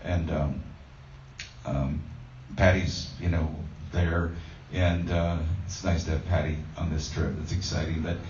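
A man's voice: very deep voice, little pitch movement, unhurried, a little mellow, slight background noise. A man giving a conversational sermon as a pastor, telling a self-deprecating story with plenty of fillers. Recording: roomy, distant, dull sound.

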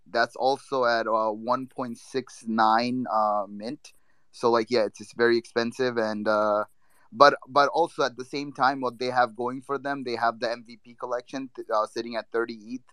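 A relaxed man speaking as a guest trader in an online chat, with a medium-pitched voice. His speech is loose and full of fillers, and the recording is dry. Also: normal speed, smooth, no room sound. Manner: laid-back, filler-heavy. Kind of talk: casual chat in an online audio room.

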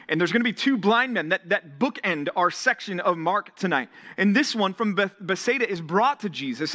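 A young man preaches to a college ministry in an easy, conversational way. His voice is bright and sits a little high. He builds to animated emphasis when reading the words of Jesus. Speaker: pastor. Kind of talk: sermon. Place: church or ministry hall.

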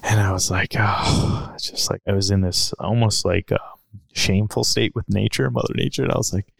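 A man's voice: lowish voice, steady tone, normal speed, creaky, husky, no echo. A man on a podcast telling a reflective personal story in a casual, musing way, with lots of fillers. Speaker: podcast speaker.

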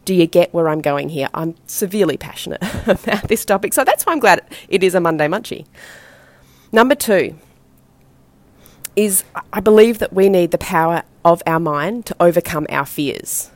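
An Australian woman in her thirties talks straight into the mic as a motivational podcast host. Her voice sits on the low side and the sound is dry and close, with no room echo. She speaks with energy and emphasis, and now and then uses mildly rough words. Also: normal speed, a little mellow. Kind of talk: motivational monologue.

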